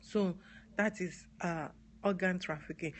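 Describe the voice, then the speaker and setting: A woman's voice: on the low side, a little slow, slight background noise. A woman from Nigeria with a Nigerian accent, talking earnestly on a live stream, repeating key words and spelling some out. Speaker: advocate live-streaming to viewers. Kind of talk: live-stream talk answering comments.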